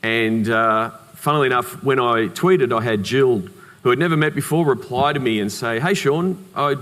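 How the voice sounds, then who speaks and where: An Australian man giving a conference keynote, telling anecdotes in a lively way with humorous asides. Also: medium pitch, moderate pace. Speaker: keynote speaker. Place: conference hall. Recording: reverberant conference hall.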